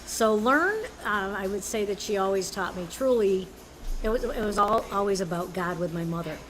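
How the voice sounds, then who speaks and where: A woman's voice: mid-range voice, normal speed, a little hiss or hum. An older woman, the host's mother, chatting casually as a guest and reminiscing with laughter. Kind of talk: casual chat. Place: outdoors at a cafe drive-thru.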